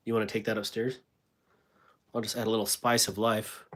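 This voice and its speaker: A man's voice: fairly low pitch, level tone, brisk, pauses often, a bit bright. A man hosting a casual livestream, rambling with many fillers and restarts while he reads viewer comments aloud and answers them. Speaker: livestream host.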